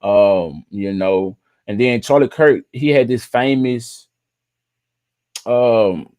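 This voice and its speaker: A man's voice: mid-range voice, slow pace, darkish tone. A man hosting a casual livestream, giving blunt commentary, laughing often and mocking what he disagrees with.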